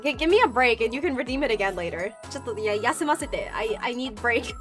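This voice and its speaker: A young woman chats with her stream viewers in a fairly high voice that swings up and down expressively. She rambles with plenty of "like" fillers and giggles, and a touch of vocal fry creeps into her lower notes. Soft music plays faintly underneath. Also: animated, brisk. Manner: chatty and rambling, many "like" fillers, frequent giggles. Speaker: VTuber streamer. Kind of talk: casual chat reading viewer comments.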